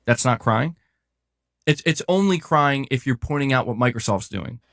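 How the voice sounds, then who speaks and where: A man's voice: mid-range voice, expressive, moderate pace, a bit bright, dry recording, studio quality. A young man co-hosting a livestream, complaining in exasperated, profane casual chat. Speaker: livestream co-host.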